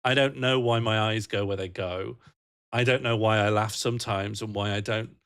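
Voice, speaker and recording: A young man with a fairly low, clear, resonant voice chats on a livestream at normal speed, his tone fairly bright and intonation fairly even. In a rambling, playful way, he reads out chat messages and laughs often.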